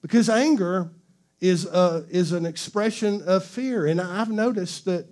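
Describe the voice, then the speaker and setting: High-voiced man preaching a lively sermon. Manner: conversational, laughing, call-and-response with the congregation. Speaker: pastor.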